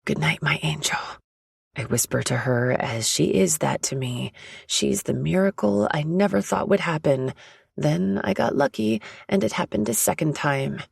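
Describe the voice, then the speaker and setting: A woman telling a first-person romance story in a soft, intimate audiobook narration. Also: sits low, expressive, normal speed, vocal fry, husky, dry recording, clean studio sound.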